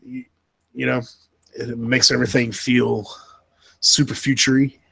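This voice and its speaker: A man with a North Carolina Southern accent hosting a casual live reaction chat, excitable and laughing often, tripping over his words. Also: mid-range voice, a little slow, creaky, husky, rough recording. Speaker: host.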